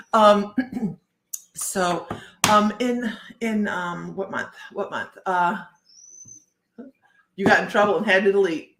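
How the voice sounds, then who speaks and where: A woman's voice: medium pitch, takes it slowly, long pauses. A woman hosting live psychic card readings. She chats in a rambling way and often restarts her sentences. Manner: chatty, rambling, with many restarts. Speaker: psychic reader and show host. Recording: roomy echo.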